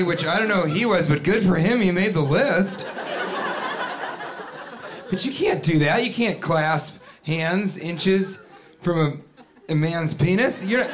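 A man performing a stand-up comedy set, telling stories in an animated way with put-on voices and sudden yells. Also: sits high, measured pace. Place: comedy club stage with a laughing audience. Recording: live club recording with crowd noise. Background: audience laughter.

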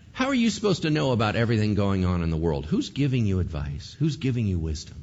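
Male pastor, husky, lively delivery, full of rhetorical questions; dull lo-fi recording. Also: fairly low pitch. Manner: animated, conversational, fires rhetorical questions. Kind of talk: sermon.

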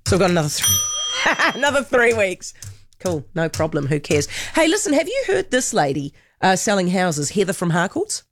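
A New Zealand woman hosting talk radio, telling stories in a chatty, animated way on a studio microphone. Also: medium pitch, normal speed. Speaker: radio host. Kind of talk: casual radio chat.

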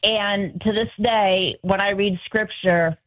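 A woman in her sixties, a first-time caller to a radio show, chatting in a halting, apologetic way over a phone line. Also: mid-range voice, steady tone. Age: 60s. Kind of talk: radio call-in chat.

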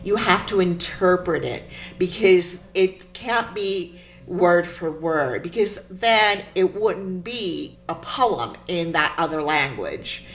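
Low-voiced woman poet, animated storyteller. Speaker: poet guest. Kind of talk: interview conversation.

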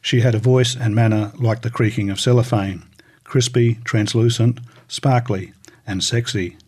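A man reading recollections aloud in a measured, scripted audiobook narration. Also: mid-range voice, fairly even intonation, a little mellow, breathy edge.

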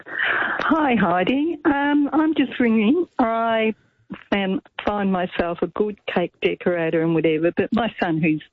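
A woman's voice: mid-range voice, measured pace. A woman calling in to a radio show, telling a story hesitantly with many ums. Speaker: caller. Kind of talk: phone-in storytelling. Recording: tinny phone line.

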